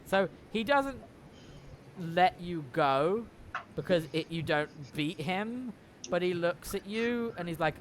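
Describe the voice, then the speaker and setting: A man's voice: sits high, lively intonation, slow pace, a little hiss or hum. A man narrating as game master in a tabletop game, casual and swearing freely.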